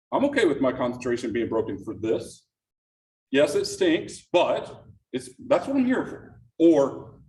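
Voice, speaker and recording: A middle-aged man giving an interactive productivity workshop, engaging the room with frequent questions to the audience, speaking in a meeting room before a live audience. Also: fairly high pitch. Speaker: workshop presenter. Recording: echoey room, distant mic, faint noise.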